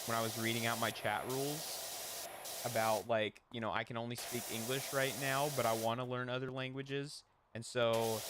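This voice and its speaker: A man's voice: medium pitch, noisy background. A young man streaming and chatting casually, rambling with lots of fillers and little laughs. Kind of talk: casual chat. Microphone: headset or desk mic with an audio interface.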